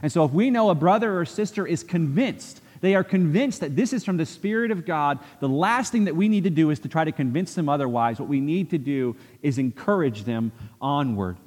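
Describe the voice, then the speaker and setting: A man's voice: fairly high pitch, lively intonation, fairly quick, few pauses, darkish tone, long reverb tail. A man preaching a sermon from a church pulpit, earnest, repeating phrases for emphasis and acting out quoted speech. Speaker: pastor. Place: church sanctuary.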